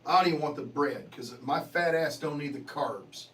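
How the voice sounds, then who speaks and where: A man's voice: a little high, normal speed, a bit bright, far from the mic, poor audio. A man hosting a livestream, chatting casually and answering viewer comments in a profane, joking way. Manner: profane, joking, laughs often. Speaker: livestream host.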